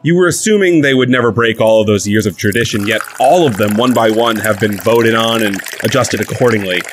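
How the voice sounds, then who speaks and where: A man's voice: lowish voice, fairly quick, close to an everyday voice. A man voicing a nervous young interviewer in a comedic audio drama, polite and prone to stammering. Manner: polite, stammering, easily rattled. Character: nervous young male interviewer of magical folk.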